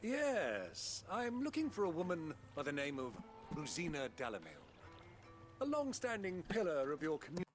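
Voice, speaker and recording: A man's voice: fairly high pitch, huge pitch swings, moderate pace, faint music behind. An actor playing a polite male traveler asking around in a video game.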